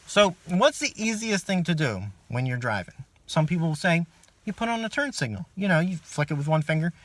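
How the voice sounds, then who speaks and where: A man doing a stand-up comedy routine as a comedian, ranting and swearing, swinging from low muttered asides to loud angry outbursts. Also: animated, a little fast, dry recording.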